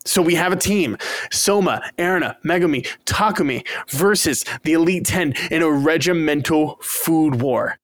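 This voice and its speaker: A man's voice: on the high side, normal speed, dry recording. A young man casually recapping an anime plot with his co-hosts, swearing freely and acting out the characters' lines. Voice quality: profane, animated retelling with quoted voices. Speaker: podcast co-host.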